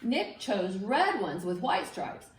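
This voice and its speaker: A woman reading a picture book aloud to children, with an expressive, sing-song delivery that invites the listeners to join in. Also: medium pitch, takes it slowly. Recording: echoey room, mic set far off.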